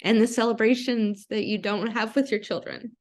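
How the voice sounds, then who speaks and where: A woman hosting a podcast interview, speaking gently and affirmingly with hesitant phrasing. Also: fairly high pitch, moderate pace. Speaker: podcast host. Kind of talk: conversational interview.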